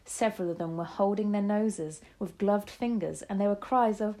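A woman narrating a children's story in the first person, dramatic and expressive. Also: medium pitch, normal speed, few pauses. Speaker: audiobook narrator.

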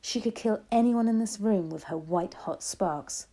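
A woman voicing a small boy turned into a mouse, speaking in an eager hushed whisper as she reads a storybook aloud. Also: medium pitch, normal speed, lightly acted. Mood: alarmed.

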